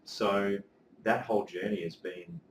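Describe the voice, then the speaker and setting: A man, telling his story as a life coach in a casual interview, earnest and animated, with casual swearing. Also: on the low side, measured pace, a little hiss or hum. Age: 30s. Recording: echoey room, mic at a distance.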